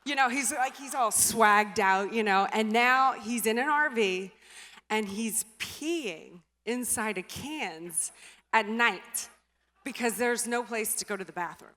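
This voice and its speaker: Woman giving a motivational speech, bright sharp voice, lots of "da da da", reverb from the hall. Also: fairly high pitch, takes it slowly. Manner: animated, quotes dialogue and trails off with "da, da, da". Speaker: motivational speaker. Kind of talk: motivational speech, personal storytelling. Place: stage in a large venue.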